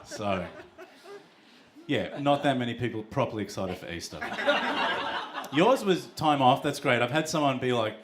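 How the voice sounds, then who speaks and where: Profane Australian comedian, lively swings in pitch. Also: male voice. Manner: profane, acts out characters in quick voices. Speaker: stand-up comedian. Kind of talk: stand-up comedy set. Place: comedy club stage with a live audience. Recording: loud noisy live room with audience laughter.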